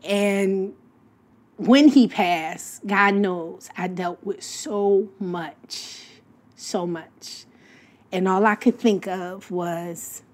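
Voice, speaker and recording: A woman's voice: mid-range voice, drawn-out words. Middle-aged woman telling a heartfelt story. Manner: emotional, lively storytelling with voiced quotes of her late husband. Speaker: guest. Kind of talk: casual heartfelt talk show conversation.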